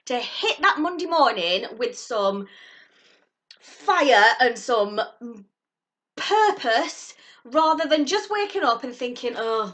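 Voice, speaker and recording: A woman vlogging a subscription box unboxing in casual chat, gushing and excitable. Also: high-pitched. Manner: gushing and excitable, squeals at surprises.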